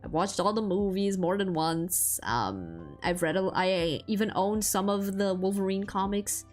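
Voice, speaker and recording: A woman VTuber streamer chatting casually about games and comics, rambling and animated, with lots of fillers and laughter. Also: mid-range voice, measured pace, soft background music. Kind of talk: casual chat.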